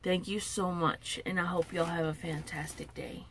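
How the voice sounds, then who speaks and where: A woman chatting to camera in a casual vlog, opening packages. She is still unwell and recovering, and talks in an emotional, tearful, softly thankful way. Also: fairly low pitch, little pitch movement, normal speed, a little hiss or hum. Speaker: vlogger opening viewer packages.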